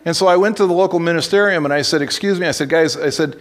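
A man delivers a sermon from the pulpit in a voice pitched a bit above most men. He moves from loose, rambling storytelling full of restarts into blunt, direct calls to his listeners. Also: very fast. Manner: conversational storytelling with blunt exhortations and frequent restarts. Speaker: pastor.

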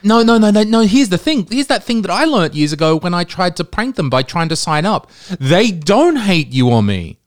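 A man's voice: high-pitched, fairly quick, few pauses, clear, resonant tone, dry recording, studio quality. A man, a comedian hosting a casual chat full of crude, joking banter. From Australia. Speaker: podcast host, comedian.

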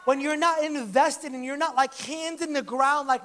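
A man's voice: extremely high pitch, fairly even intonation, fairly quick, hardly any pauses, fairly bright tone. A man preaching a sermon to his church in a conversational, joking way, acting out little quoted lines. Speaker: pastor. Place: church service.

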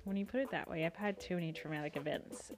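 A woman's voice: lowish voice, fast, over music. A woman co-hosting a casual chat about a comic book, easygoing and agreeable, often laughing. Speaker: podcast co-host.

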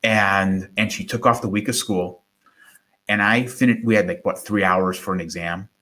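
Middle-aged man guest, lowish voice; animated storyteller who acts out quotes. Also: moderate pace. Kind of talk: conversational storytelling.

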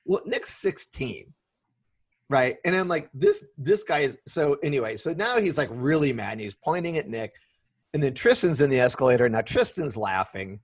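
A husky middle-aged man tells a story on a casual podcast. He talks in an animated way and slips into the voices of the people he quotes. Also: medium pitch, moderate pace. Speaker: podcast co-host.

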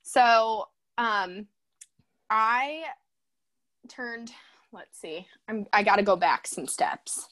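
A woman's voice: mid-range voice, drawn-out words, long pauses, no room sound. Chatty young woman telling her story. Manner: animated, laughs often, acts out her own past thoughts. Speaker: guest, hairstylist. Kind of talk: casual storytelling chat.

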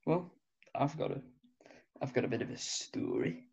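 Young man, podcast co-host, gravelly, slow and hesitant, lo-fi recording. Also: wildly swooping pitch, a little mellow. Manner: slow, low-key, hesitant. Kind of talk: casual storytelling chat.

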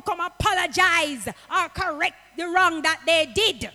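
A woman preaches an impassioned sermon, slipping into patois as she goes. Her voice sits high and bright, and it rings with the long echo of a hall. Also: unhurried, hardly any pauses. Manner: impassioned, slips into patois, rises to shouts.

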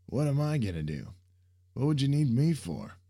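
A man's voice: mid-range voice, big pitch swings, moderate pace, mellow, pitched above the performer's own voice. A man voicing a laid-back, reluctant young man who banters sardonically. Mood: wry.

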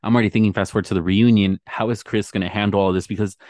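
A man co-hosting a casual gossip chat, retelling reality TV drama in a chatty, animated way. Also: lowish voice, racing, a little hiss or hum. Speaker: podcast co-host.

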